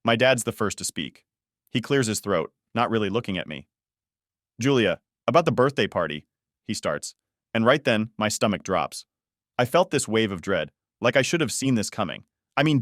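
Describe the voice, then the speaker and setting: Man, low voice, dry close sound, measured story narration. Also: a bit bright, no room sound. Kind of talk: scripted first-person story narration.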